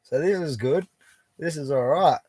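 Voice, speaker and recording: A man's voice: fairly high pitch, normal speed, dark tone, slightly rough, no room sound. A young Australian man chatting casually on a live stream from his bush camp, reading out viewer comments in a laid-back, chatty way and laughing easily. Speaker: prospecting livestreamer.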